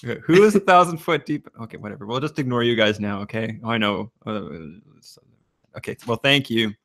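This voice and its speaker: A man's voice: mid-range voice, a little fast, fairly bright tone. A young man co-hosting a podcast, chatting in a rambling, casual way. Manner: chatty, rambling, laughs often. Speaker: podcast co-host.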